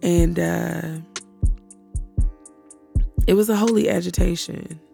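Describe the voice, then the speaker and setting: A woman hosts a personal faith podcast, unhurried and reflective. Her voice carries a heavy gravelly fry, and she often pauses on fillers as she opens up. Faint music sits quietly behind her. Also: on the low side, steady tone. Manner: candid and reflective, halting with frequent fillers. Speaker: podcast host.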